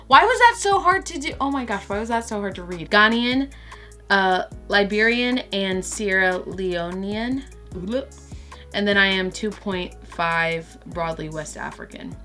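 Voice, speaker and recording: A woman from Brazil chatting excitedly to camera as a vlogger and stumbling over words. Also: medium pitch, unhurried, faint music behind. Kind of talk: casual chat to camera.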